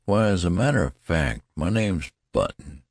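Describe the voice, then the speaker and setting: A man's voice: sits low, animated, moderate pace, darkish tone, no room sound, clean studio sound. A man voicing an earnest young man in an old man's body who speaks plainly and firmly, in an audiobook. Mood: insistent.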